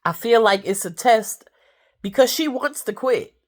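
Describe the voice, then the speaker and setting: A woman's voice: on the high side, animated, a little slow. An older woman with a cold, chatting casually to her viewers from her bed at home in a folksy way. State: stuffy with a cold. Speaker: vlogger.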